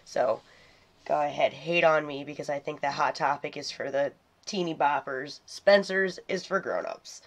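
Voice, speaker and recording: A woman's voice: deep voice, a little slow. A woman host telling a casual storytime, sick with a cold, her voice nasal and congested, chatty and rambling. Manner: chatty, rambling, self-deprecating.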